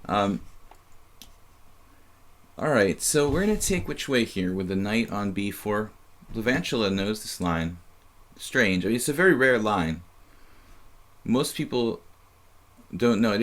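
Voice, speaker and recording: A man with a lowish voice talks through a live chess game as he plays. He muses aloud in a halting way, trailing off and starting over, with frequent fillers between thoughts. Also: expressive. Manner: musing, halting, many fillers and restarts. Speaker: chess streamer and commentator.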